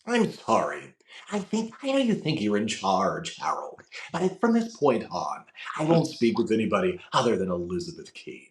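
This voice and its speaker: A man doing a slow, hushed impression of a suave, menacing older male criminal mastermind, with a slight lisp. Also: lowish voice, huge pitch swings, roomy sound. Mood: coolly commanding. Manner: slow, hushed, drawn-out musing.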